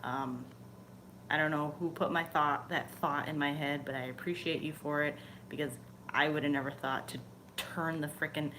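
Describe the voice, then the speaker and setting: A woman's voice: low voice, fairly even intonation, normal speed, a bit bright, a little hiss or hum. A young woman on her channel, telling a story in a casual, chatty way, swearing freely and sometimes dropping to a whisper. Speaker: channel host. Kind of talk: casual chat.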